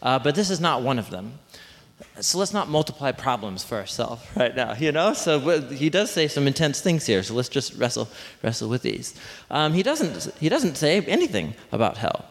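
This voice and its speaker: A man's voice: mid-range voice, sing-song, normal speed, creaky. A man preaching a conversational sermon to a congregation, often asking them questions. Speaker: pastor. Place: church hall with congregation. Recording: long hall reverb.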